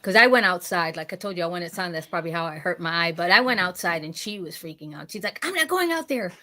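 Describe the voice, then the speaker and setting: A woman's voice: fairly low pitch, quick pace, sharp tone. A woman guest in casual chat, rambling a little with many restarts.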